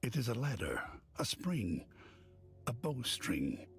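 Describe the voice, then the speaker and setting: A man acting a solemn, cryptic mystic in a husky, gravelly voice, from game audio. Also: mid-range voice, huge pitch swings, slow pace, heavily acted. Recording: game audio with music behind.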